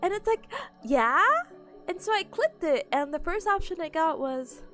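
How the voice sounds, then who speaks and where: A woman's voice: extremely high pitch, expressive, normal speed, faint music behind. A sleepy woman streamer chatting casually with her viewers, giggling often and greeting people in chat.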